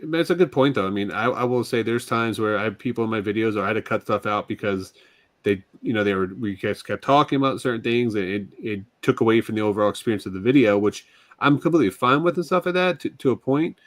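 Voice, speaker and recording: A man's voice: lowish voice, fast talker, no echo. A man co-hosting a casual live podcast chat, telling long, rambling stories in a chatty way. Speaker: podcast co-host.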